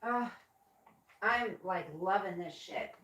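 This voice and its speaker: A mom vlogger in her forties chats casually on a livestream, rambling and answering comments while addressing her viewers as "you guys." Her voice sits in the mid-range and she takes it slowly. There's noise in the background.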